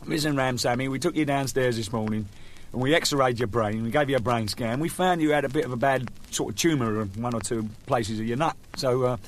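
A man's voice: mid-range voice, slight background noise, close to an everyday voice. Blunt nurse, told by a man. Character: blunt female hospital nurse.

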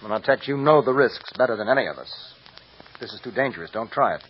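An actor playing a sharp male lawyer who asks quick, probing questions in a 1950s radio drama. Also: medium pitch, expressive, a little hiss or hum, lightly acted. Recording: dull lo-fi old radio recording.

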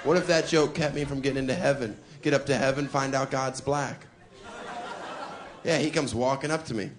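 A man doing a live stand-up routine on a comedy club stage, cheeky, with deadpan asides and chuckles at his own jokes. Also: mid-range voice, normal speed, crowd noise.

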